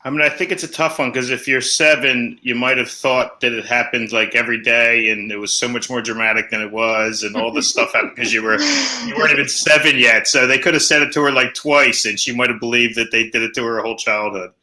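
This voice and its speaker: Male panelist, piercing bright tone, chatty rambler. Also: mid-range voice, fairly even intonation, a little fast, few pauses. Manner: laughing, rambling questions. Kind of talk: casual comedic banter.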